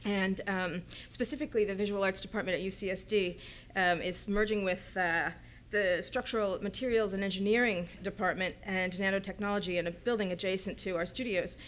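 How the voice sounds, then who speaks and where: A woman art professor giving a conference talk in a lecture hall, speaking quickly and hesitantly with many filler words. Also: mid-range voice, steady tone, a bit bright.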